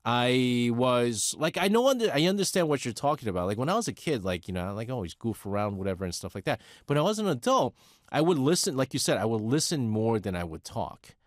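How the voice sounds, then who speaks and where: A middle-aged radio host with a New York accent, talking in a casual, rambling way full of fillers and restarts. His pitch swings widely as he talks. The sound is close and dry from a studio mic. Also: sing-song, fairly quick, no room sound. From United States.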